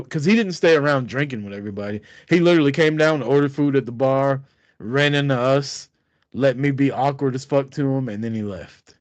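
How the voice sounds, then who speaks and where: A man's voice: mid-range voice, a little fast, dry recording. Laughing, profane storytelling man. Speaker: podcast co-host. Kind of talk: casual storytelling chat.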